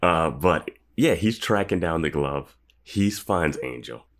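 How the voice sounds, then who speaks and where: A man's voice: very deep voice, animated, takes it slowly. A man co-hosting a podcast, chatting casually with dry, wry remarks and easy laughter. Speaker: podcast co-host. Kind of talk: casual recap chat.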